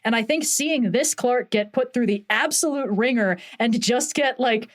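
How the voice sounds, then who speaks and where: A woman talking casually and enthusiastically on a podcast, animated and swearing now and then. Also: on the high side, moderate pace. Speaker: podcast guest.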